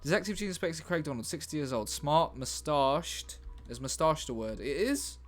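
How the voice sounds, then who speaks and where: A man's voice: on the high side, lively intonation, normal speed. A man chatting casually on a live stream while he writes a script, musing aloud. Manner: musing aloud, chatty, laughs at his own ideas.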